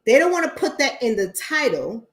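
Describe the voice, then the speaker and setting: A blunt woman with a high, very animated voice hosts a casual livestream at normal speed, talking straight to her audience. She swears freely and keeps circling back to repeat her points for emphasis, like an online talk show host.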